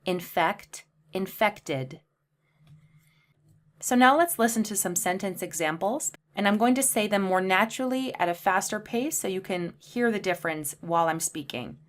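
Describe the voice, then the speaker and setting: A woman teaching English pronunciation, saying example words slowly and clearly one at a time. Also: mid-range voice, expressive. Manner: slow, deliberate enunciation of example words. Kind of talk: pronunciation lesson.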